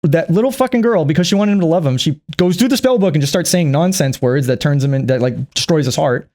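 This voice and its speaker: A man's voice: a little high, expressive, fast, a little mellow. A man vlogging a rambling movie recap, profane and chuckling often.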